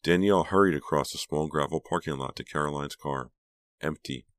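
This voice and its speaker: A man narrating an audiobook in a measured storytelling manner. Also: very deep voice, fairly bright tone, dry recording. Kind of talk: scripted narration.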